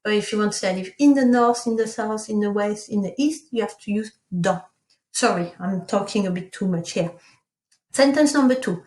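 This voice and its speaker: A woman teaching a recorded lesson, sounding out model sentences slowly and carefully. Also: medium pitch, a little mellow. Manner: slow, careful enunciation of French model sentences. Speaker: French teacher. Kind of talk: recorded remote language lesson. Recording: echoey room.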